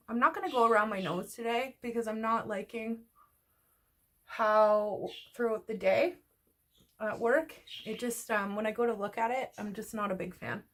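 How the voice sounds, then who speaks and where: Woman chatting thru her makeup routine, kinda breathless, easygoing ramble. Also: fairly high pitch. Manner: chatty, rambling, talks while doing makeup. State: slightly out of breath. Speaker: beauty vlogger. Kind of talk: casual get-ready-with-me chat.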